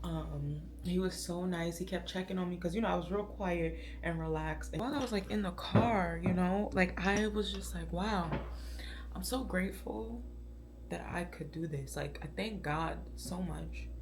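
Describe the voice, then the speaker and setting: A woman's voice: on the low side, normal speed, few pauses. Chatty woman vlogging over background noise. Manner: chatty, gushing, filler-heavy. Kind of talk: casual solo vlog chat. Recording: noisy background ambience.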